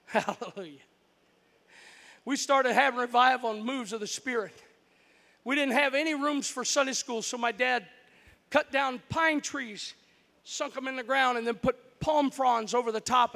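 A man from Florida preaching a sermon built on stories from his childhood, animated and breaking into shouts at the big moments. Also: very high-pitched, normal speed, gravelly, long reverb tail. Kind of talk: storytelling sermon.

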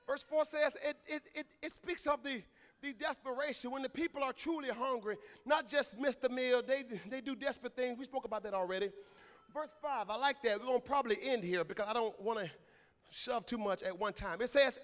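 A man preaching a sermon in a church, moving from quiet, slow talk to loud, shouted climaxes. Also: extremely high pitch, lively intonation. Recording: long hall reverb.

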